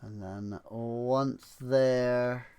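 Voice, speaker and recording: A man's voice: mid-range voice, steady tone, extremely slow, mellow, smooth. A man streaming a game, musing and wry as he talks through his play with frequent fillers. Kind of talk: game commentary.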